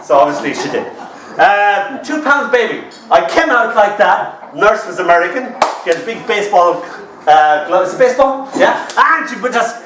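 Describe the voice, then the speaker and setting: A man's voice: sits high, lively intonation, moderate pace, fairly bright tone. A wry Irish man in his fifties spins comic stories in a slightly raised voice and teases the crowd as he goes. The room is echoey, and the mic sits some way off in a bar. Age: 50s. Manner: wry, chatty, teasing the audience. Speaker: storyteller. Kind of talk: live comic storytelling. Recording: roomy sound from a distant mic.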